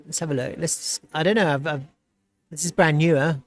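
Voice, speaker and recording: Excitable man thinking aloud on a livestream. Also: on the high side, brisk, no room sound. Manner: excitable, laughs often, thinks aloud while browsing. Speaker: livestream host. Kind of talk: casual live commentary.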